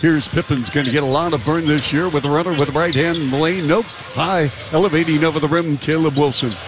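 This is a male basketball play-by-play announcer whose voice sits a little high and pushes to a shout when the action peaks. He calls each possession fast and punchy. The broadcast carries steady arena noise behind him. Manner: rapid, punchy calls that rise to shouts on big plays. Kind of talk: live basketball commentary.

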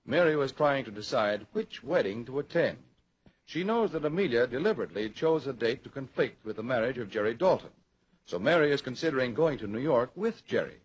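An old-time radio announcer, a man with a husky voice and a swooping, lively delivery. He sounds declamatory and bright in tone, in a classic period announcing style. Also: medium pitch, a little fast.

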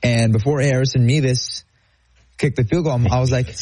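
A man's voice: mid-range voice, fairly even intonation, normal speed, darkish tone, slightly rough, dry recording. A young man chatting casually about football on a talk show, hesitant and full of restarts. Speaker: co-host, host's son. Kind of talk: casual sports chat.

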